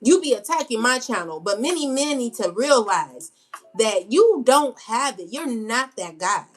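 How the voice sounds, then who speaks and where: High-pitched, blunt, scolding woman. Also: a bit bright. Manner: blunt, scolding, repeats herself for emphasis; casual slangy speech with many fillers. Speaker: tarot reader. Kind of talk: unscripted spiritual rant to camera.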